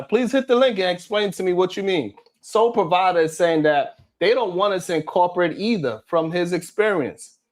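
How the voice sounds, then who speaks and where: Man hosting a live stream with a fairly high voice; blunt, fired-up, swears freely and calls on viewers by name. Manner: outspoken and heated, swearing often. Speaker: live stream host reading viewer comments. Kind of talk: casual live stream talk.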